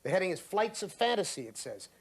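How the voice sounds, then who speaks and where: A man in his late fifties from Ohio, reading his own story aloud and then giving sardonic commentary in a dramatic, expressive way. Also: high-pitched, fast talker, slightly rough, no room sound. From Ohio, USA. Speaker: host and author.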